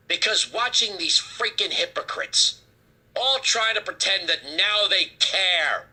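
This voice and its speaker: A man hosting a political talk show, delivering a heated, sarcastic commentary rant with a husky edge. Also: high voice, unhurried, bright, forceful tone.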